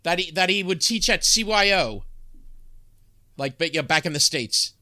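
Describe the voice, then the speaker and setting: A man's voice: a little high, animated, pushed and bright. A man co-hosting a sitcom podcast, chatting casually with frequent restarts and laughter. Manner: halting, lots of restarts and laughs. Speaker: podcast co-host. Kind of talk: casual chat.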